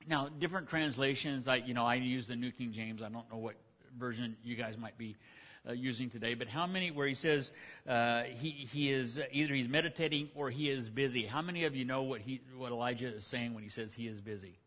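A male pastor with a medium-pitched, steady, fairly bright voice preaches a sermon at a brisk pace. He retells a scripture story in a folksy, conversational way, with frequent restarts.

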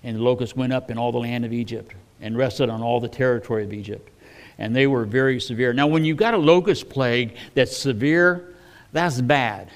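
A man preaching a sermon talks a little fast in a medium-pitched voice. His style is relaxed and folksy, with many fillers and false starts, as if he's having a chat with the people in the pews.

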